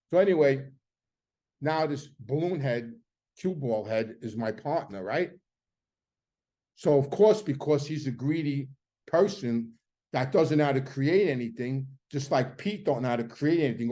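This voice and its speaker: A middle-aged man telling a story casually, acting out the arguments he quotes. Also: a little high. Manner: animated, acts out quoted arguments loudly.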